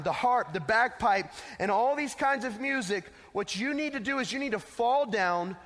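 A man's voice: high-pitched, fairly bright tone. A man preaching a casual, emphatic sermon to teenagers as a youth pastor, telling a story, in an echoey hall.

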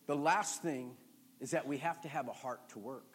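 A male pastor preaching a sermon, emphatic and repetitive, building to forceful calls. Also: mid-range voice, normal speed.

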